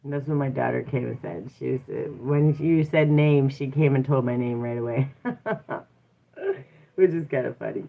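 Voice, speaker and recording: A woman's voice: rumbling low, moderate pace, gravelly. A woman hosting a casual live stream, chatting with viewers and laughing often. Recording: tinny phone-like audio.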